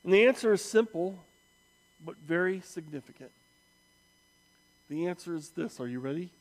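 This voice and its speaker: A man preaching a sermon, slow and emphatic, with dramatic pauses and acted-out quotes. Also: sits high.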